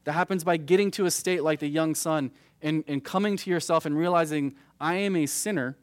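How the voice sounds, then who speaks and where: A man's voice: fairly high pitch, steady tone, brisk, no room sound. A man in his thirties teaching a youth group verse by verse through a Bible passage, conversational and peppered with "right?" asides. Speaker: youth pastor.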